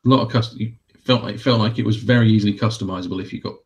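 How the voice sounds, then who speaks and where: A man's voice: on the low side, fairly even intonation, very fast, dull audio. A man chatting on a model-making video call, laid-back, laughing easily and swearing casually. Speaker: guest modeller on a hangout.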